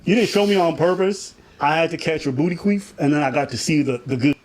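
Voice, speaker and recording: A man's voice: fairly high pitch, quick pace. A man joking and teasing in podcast banter, laughing often. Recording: noisy podcast clip.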